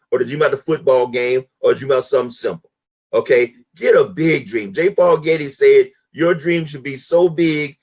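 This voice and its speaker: A middle-aged man speaking as a guest on a live stream, giving a motivational talk with emphatic, sweeping delivery. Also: breathy edge. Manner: emphatic preacher-like delivery with big pitch swings. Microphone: live stream call audio.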